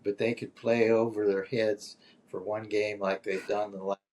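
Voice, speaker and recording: A man's voice: fairly low pitch, little pitch movement, moderate pace, darkish tone, a little hiss or hum. An older man as the guest in a casual chat, speaking tersely and dryly and making his points through questions. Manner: terse, dry, leads with questions.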